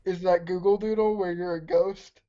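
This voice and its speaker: A woman's voice: on the low side, fairly even intonation, moderate pace, mellow, highs cut off. A woman co-hosting a casual game stream, playful and teasing, laughing often. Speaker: streamer, co-host. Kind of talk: casual gameplay chat.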